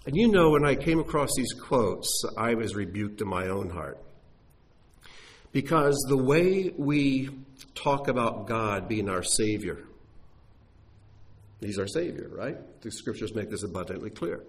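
A man preaches a sermon, teaching from scripture in a low-leaning voice at a slightly slow pace. He is animated, his delivery rising and falling for emphasis as he poses emphatic rhetorical questions.

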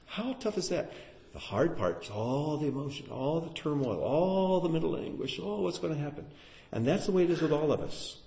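Animated male Bible teacher, lively pitch. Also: moderate pace. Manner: animated, dramatic, acts out voices. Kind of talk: sermon teaching through scripture.

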